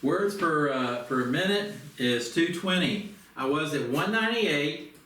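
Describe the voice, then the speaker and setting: A man teaching a speed reading lesson, giving an energetic coach-like pep talk and counting aloud. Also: a little high, unhurried, slight background noise. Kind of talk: motivational lesson. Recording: roomy, distant from the mic.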